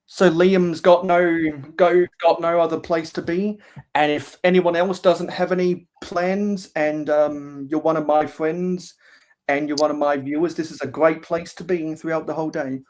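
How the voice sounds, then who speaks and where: A man's voice: a little high, little pitch movement, a little slow, darkish tone. A man hosting a casual livestream while building LEGO. He talks hesitantly with many fillers and reads viewers' chat aloud. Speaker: livestream host.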